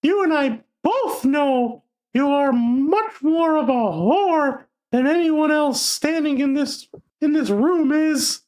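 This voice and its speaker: A woman reading aloud the lines of a domineering male romance hero in her own voice, flat and stumbling. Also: high-pitched, slow pace. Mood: cold.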